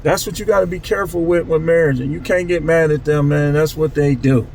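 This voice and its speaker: A man's voice: on the high side, steady tone, fairly quick, vocal fry, a little mellow, a little hiss or hum, rough recording. A man talking casually to his channel in a loose, repetitive street-talk way. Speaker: channel host. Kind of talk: casual monologue vlog.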